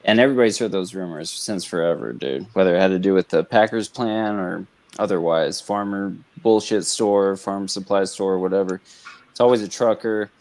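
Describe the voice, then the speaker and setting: Very deep-voiced man, loose and profane. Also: moderate pace, a little mellow. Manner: loose, profane slang, says "dude". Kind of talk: casual chat.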